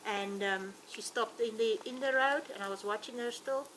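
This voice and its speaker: A woman, a safari ranger, telling animated stories with frequent ums. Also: fairly high pitch, normal speed, slight background noise. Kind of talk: telling anecdotes in an interview.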